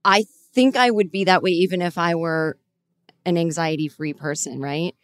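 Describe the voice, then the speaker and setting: Podcast host, woman, lowish voice, dry sound, rambles with self-mocking asides on a video call. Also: steady tone, moderate pace, clear, resonant tone, no room sound. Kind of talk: casual chat.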